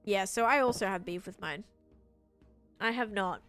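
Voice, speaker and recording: With faint music behind her, a young woman streams a game live, chatting and building while reading out chat. Her voice is a bit bright and her pace normal, and she mimics a voice assistant in a higher register.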